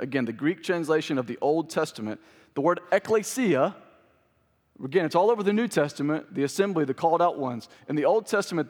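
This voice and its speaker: A male pastor preaching a sermon. He swings between loud proclamation and quiet conversational asides, repeats phrases for emphasis and puts questions to the congregation. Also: medium pitch. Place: church sanctuary. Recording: long hall reverb.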